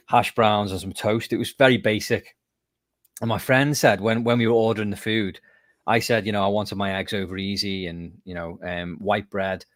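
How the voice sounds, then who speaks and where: A man's voice: lowish voice, no echo. British man telling stories, dry sound. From United Kingdom. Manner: laughing storyteller, animated retelling. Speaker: podcast host, guest. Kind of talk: casual chat.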